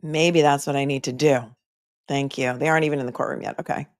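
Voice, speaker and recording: A woman with a low, steady voice talks fast while hosting a casual livestream on her phone, chatting with viewers and tossing out wry asides as she waits. The recording is clean and studio quality, with no room sound, though it comes through a phone microphone.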